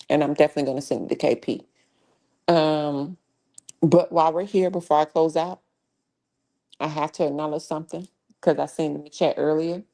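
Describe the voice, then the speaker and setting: A woman's voice: low-pitched, gravelly, warm tone. A woman hosting a live true crime commentary stream, talking bluntly with heavy cussing and slang. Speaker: livestream host.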